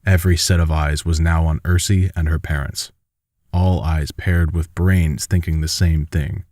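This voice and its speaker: A man with a deep, low voice reads a fan-made audiobook steadily and evenly. The sound is close and dry, with no room around it. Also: fairly even intonation, a little slow, a little mellow, no echo. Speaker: audiobook narrator.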